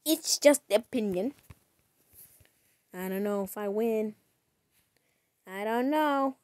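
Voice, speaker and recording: A woman streamer giving chatty commentary on a game as she plays, breaking into sudden loud, excited outbursts. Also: medium pitch, slow, no echo, studio quality. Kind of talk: gaming livestream commentary.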